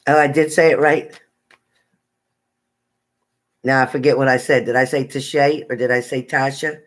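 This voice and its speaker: A woman's voice: very deep voice, steady tone, normal speed, low-quality recording. A woman tarot reader chatting casually on a live stream, reading out viewers' names and sometimes stumbling over them.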